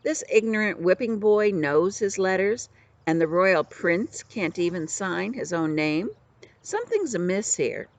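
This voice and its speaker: A grandma doing a gruff bossy outlaw. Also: female voice, fairly low pitch, expressive, measured pace, no echo, voice pushed up. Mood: suspicious. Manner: coarse old-fashioned slang, bossy. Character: gruff boastful male outlaw leader.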